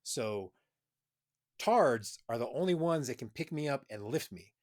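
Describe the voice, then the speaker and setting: Dude cohosting a podcast, rambly and earnest, swears constantly, normal mid voice. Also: male voice, mid-range voice, lively intonation, a little slow, darkish tone. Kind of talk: casual podcast chat.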